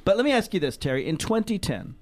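Quick-questioning male radio host. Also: high voice, very animated, a little mellow. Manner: presses with questions, interrupts. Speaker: radio talk show host. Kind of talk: radio talk show.

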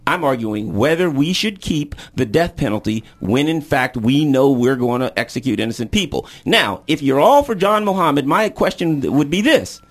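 Animated, argumentative talk radio host. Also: male voice, medium pitch. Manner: animated, argumentative, quick to interrupt. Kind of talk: political talk radio debate.

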